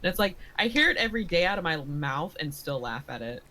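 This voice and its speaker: A woman's voice: deep voice, sing-song, fast talker, bright, forceful tone, low-quality recording. A woman chatting casually with friends, giggly and chatty, full of fillers. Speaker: tabletop game player. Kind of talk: casual chat.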